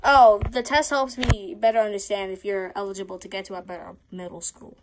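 A woman's voice: mid-range voice, steady tone, a little fast, close to an everyday voice. A woman voicing a bossy teacher in a home plush role-play skit, talking in a strict, blunt way. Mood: stern. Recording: loud background noise, home recording.

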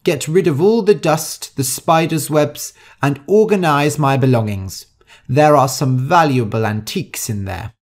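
A man's voice: a little high, unhurried, voice pushed up, lightly acted. A man voicing a grumpy, strict old landlady who scolds her lodgers, in a storybook reading. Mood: stern. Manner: stern, scolding.

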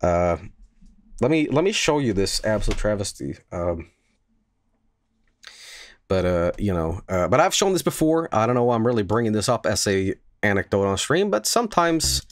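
A man's voice: fairly low pitch, big pitch swings, moderate pace, no room sound. A man chatting on a live stream, crude and joking, on a close desk mic. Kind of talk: casual live-stream chat.

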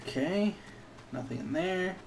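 A man's voice: high voice, measured pace, vocal fry, noisy background. Man muttering through a game playthrough. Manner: swears freely, muttering with sudden excited outbursts. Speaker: let's play gamer. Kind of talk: casual gameplay commentary.

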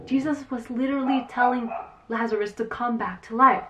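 Kids' Sunday school teacher, woman, bright higher voice, animated storytelling, heard a bit off-mic. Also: moderate pace, recorded from a distance, background noise. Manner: animated storyteller acting out quotes, with fillers. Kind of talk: Bible story retelling for kids.

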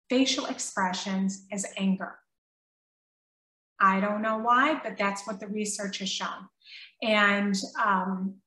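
Middle-aged woman host, bright and chatty, live Q&A, somewhat off-mic in a roomy space. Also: fairly high pitch, distant mic. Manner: chatty, reads viewer comments aloud, frequent ums. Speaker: parenting coach and live-stream host. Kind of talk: casual live-stream Q&A. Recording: echoey room, voice somewhat off-mic.

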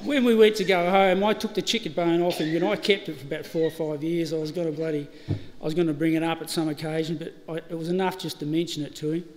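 A man's voice: a little high, steady tone, quick pace, few pauses, a little mellow. A middle-aged Australian man giving a eulogy, telling funny stories with laughter and acting out the dialogue. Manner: anecdotal, laughing, acts out dialogue. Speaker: eulogy speaker. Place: funeral service hall. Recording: reverberant hall, faint ambient noise.

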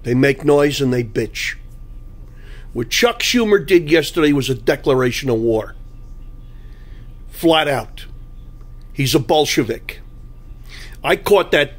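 A man's voice: a little high, expressive, a little slow, pauses often. Blunt, ranting New man. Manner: blunt, combative, storytelling. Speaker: political commentary host. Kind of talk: ranting political monologue.

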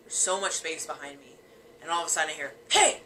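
A young woman tells her ghost story among friends, her voice bright and sharp. She talks animatedly, acting out what people said, with plenty of fillers. A faint noise sits under the recording. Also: low-pitched, fast, poor audio. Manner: animated, acts out quotes, many fillers. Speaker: storyteller sharing a ghost experience.

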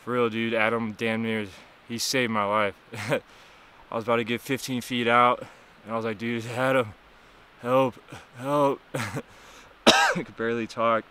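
A man's voice: mid-range voice, little pitch movement, moderate pace, pushed and bright, clear, resonant tone. A young man vlogging outdoors by a river, rambling and swearing as he recounts nearly drowning, worn out and chilled. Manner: rambling, profane, shaken and weak after nearly drowning. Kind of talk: casual vlog recap. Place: outdoors by a cold river and waterfall.

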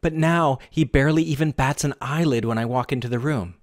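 A man's voice: mid-range voice, brisk, dry recording, clean studio sound, natural voice. A man voicing a sobbing, desperate married woman, pleading shakily through tears. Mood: tearful. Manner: tearful, shaky pleading.

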